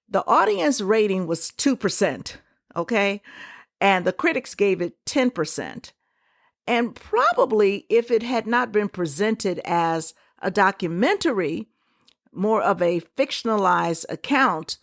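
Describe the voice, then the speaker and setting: A woman hosting a solo podcast, giving her opinions in a conversational, emphatic way with quick asides. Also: mid-range voice, no room sound, clean studio sound. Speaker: podcast host.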